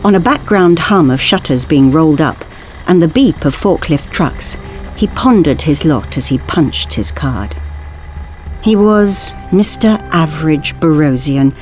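A woman narrating an audiobook story in an expressive way. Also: deep voice, measured pace, faint music behind. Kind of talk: scripted narration.

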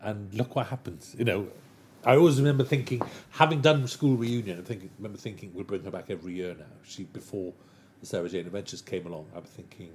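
A man chatting as an interview guest, animated and enthusiastic, with rambling anecdotes. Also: on the low side, quick pace, a little hiss or hum. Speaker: guest, television writer. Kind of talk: casual interview chat.

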